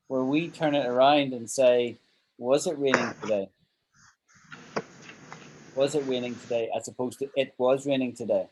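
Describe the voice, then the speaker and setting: A man's voice: medium pitch, a little mellow, a little hiss or hum, low-quality recording. A man teaching an online English grammar lesson, patiently walking through example sentences and checking that his students follow.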